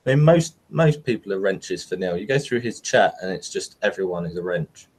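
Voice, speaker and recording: A man's voice: sits low, expressive, a little fast, husky. A man, chatting casually and jokingly as a podcast host.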